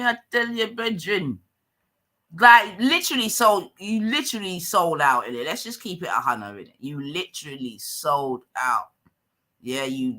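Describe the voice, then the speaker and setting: A man with a London accent hosting a live stream. His commentary is casual and full of slang, and he gets loud and animated. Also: medium pitch.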